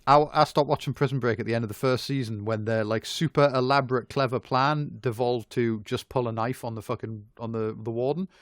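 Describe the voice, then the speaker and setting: A man's voice: mid-range voice, fairly even intonation, fairly quick, hardly any pauses, no room sound, clean studio sound. A man on a podcast, going off on sweary, complaining tangents. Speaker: podcast co-host. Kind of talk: casual podcast chat.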